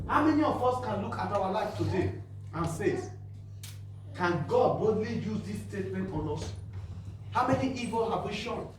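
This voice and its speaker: A man preaching a sermon as pastor, moving from quiet talk to fervent shouting. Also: sits high, animated, moderate pace, pauses often, a little hiss or hum. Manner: impassioned, swings from quiet to shouting. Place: church hall. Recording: echoey hall, mic far off, faint music.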